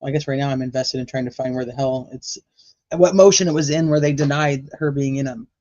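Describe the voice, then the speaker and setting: A man's voice: mid-range voice, steady tone, a little fast, darkish tone, no room sound. A man hosting a casual livestream, chatting with his viewers, swearing now and then, with a sore throat. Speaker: livestream host. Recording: dull lo-fi dry sound.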